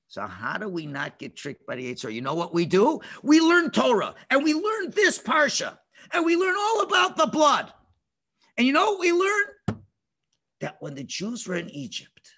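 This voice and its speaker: A man teaching a lesson to children, animated and emphatic, often asking them questions. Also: very high voice.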